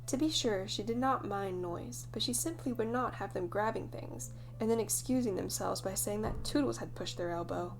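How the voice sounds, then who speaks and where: A woman's voice: mid-range voice, moderate pace, hardly any pauses, a little hiss or hum. Woman narrating a classic children's story. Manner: lively storytelling, voicing each child. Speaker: audiobook narrator. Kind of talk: scripted narration.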